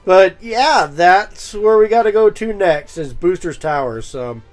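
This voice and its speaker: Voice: medium pitch, expressive, unhurried, soft background music. A game streamer giving casual let's-play commentary, chatty and laughing at their own voices.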